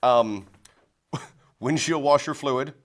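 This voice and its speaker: A man's voice: mid-range voice, very slow. A man hosting a local talk show, giving a casual comedic monologue in front of a small studio audience, sounding incredulous and laughing along.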